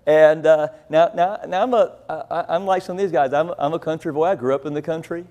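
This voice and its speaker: A man's voice: a little high, fairly quick, warm tone. A middle-aged man from rural Illinois preaching a sermon, telling a long family story in a folksy, rambling, self-deprecating way. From rural Illinois, USA. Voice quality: deaf in one ear. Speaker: pastor.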